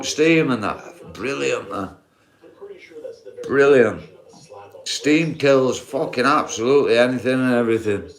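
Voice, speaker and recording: A man with a broad Yorkshire accent talks to his live stream audience in a loose, rambling way. He swears freely and keeps turning to viewers with questions like "isn't it?" His voice sits at an ordinary male pitch. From Yorkshire, England. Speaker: livestreamer. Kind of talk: casual live-stream chat.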